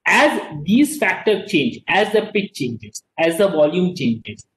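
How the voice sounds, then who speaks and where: A man with an Indian English accent teaching a class, explaining slowly with many repetitions and frequent "okay"s. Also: sits high, very animated, roomy sound, a little hiss or hum, low-quality recording. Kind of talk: classroom lecture.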